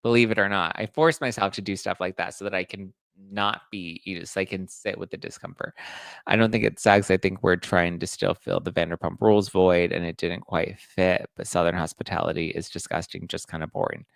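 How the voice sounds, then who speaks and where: A man's voice: deep voice, fairly even intonation, a little fast, creaky, no room sound, clean studio sound. A man hosting a casual gossip podcast, chatting and reading out audience comments. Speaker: podcast host. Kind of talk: casual pop-culture gossip chat.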